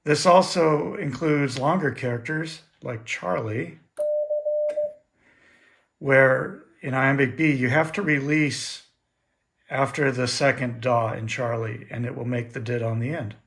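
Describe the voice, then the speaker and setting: A man at his home radio station giving a casual how-to demonstration, explaining in a relaxed way with frequent fillers. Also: medium pitch, unhurried, vocal fry. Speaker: ham radio operator explaining iambic keying. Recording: echoey room with audible background noise.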